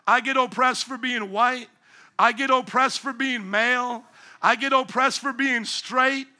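A man in his forties preaching a sermon as pastor, animated and bursting into loud emphasis. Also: extremely high pitch, unhurried. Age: 40s.

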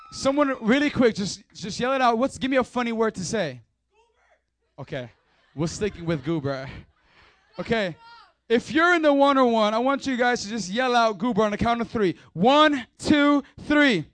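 Playful high-voiced young pastor. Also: male voice. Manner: joking, playful, hypes the crowd. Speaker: youth pastor. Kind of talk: energetic church service talk. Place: church hall.

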